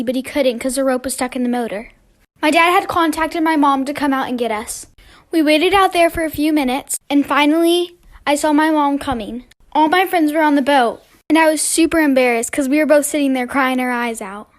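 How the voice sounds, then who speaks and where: A woman's voice: high voice, a little fast, no echo. A young woman telling a personal story in a casual, earnest way.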